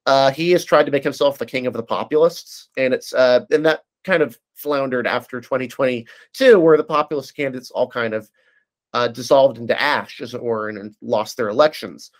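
A man's voice: mid-range voice, normal speed. A man in casual political discussion, giving detailed analysis with frequent fillers and restarts.

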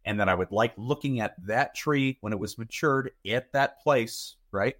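This podcast guest, a man in his thirties, has a medium-pitched, fairly bright voice at a moderate pace. Chatting casually, he wanders off track and repeats words as he works through his thoughts.

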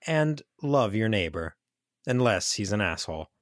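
A man's voice: lowish voice, big pitch swings, moderate pace. A man hosting a podcast in casual chat, laid-back and rambling as he wraps up the show. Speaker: podcast host.

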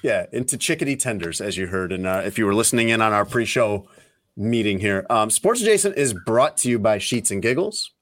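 Animated, teasing male podcast host. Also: lowish voice, fairly quick. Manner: animated, teasing, rambling storyteller. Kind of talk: casual banter.

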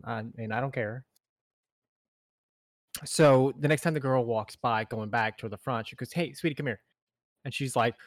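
A man's voice: medium pitch, fairly quick, dry recording. A young man co-hosting a podcast, telling a funny story with lots of laughter. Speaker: podcast co-host. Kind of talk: casual storytelling.

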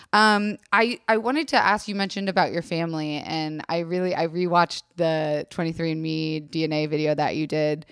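Woman podcast host, lowish voice, dry close mic, bawdy jokes, rambling questions. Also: clear, resonant tone, dry recording. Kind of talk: casual podcast interview. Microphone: close to the microphone.

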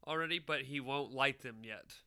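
A man co-hosting a comedy podcast, chatting casually with deadpan asides and trailing off into restarts. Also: mid-range voice, normal speed, clear, resonant tone, no echo, clean studio sound. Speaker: podcast co-host.

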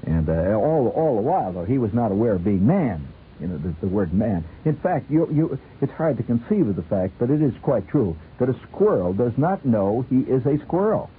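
A man's voice: mid-range voice, very animated, moderate pace, a little hiss or hum. Rambling man on tinny old radio. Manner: rambling, chuckling, playful. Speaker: radio host. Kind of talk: late-night radio chat.

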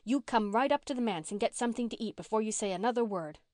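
A woman reading the part of a warm-hearted but bossy minister's daughter, who speaks in a commanding, impatient way. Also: a little high, fast talker, no echo, clean studio sound, close to an everyday voice.

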